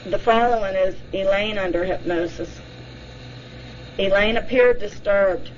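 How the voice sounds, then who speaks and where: A woman narrating a documentary in a slow, measured reading voice. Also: mid-range voice, a little hiss or hum. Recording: dull lo-fi recording.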